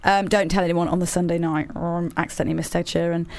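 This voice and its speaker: A woman's voice: fairly low pitch, level tone, fast talker, dry recording. Bubbly woman radio host. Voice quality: bubbly, giggly, chatty. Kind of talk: casual radio banter.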